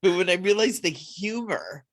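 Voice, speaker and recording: A woman co-hosting a casual spiritual chat, playful and quick to laugh. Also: on the low side. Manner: laughs often, playful and animated. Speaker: co-host.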